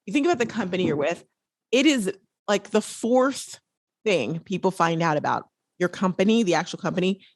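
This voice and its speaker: A woman hosting a podcast, chatting casually and playfully, with quick asides. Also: lowish voice, expressive, dry recording, studio quality. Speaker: podcast host.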